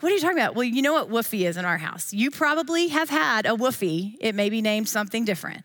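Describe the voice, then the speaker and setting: A woman's voice: on the high side, fairly bright tone, dry recording, clean studio sound. A woman, leading a Bible study in a chatty, playful way, full of asides.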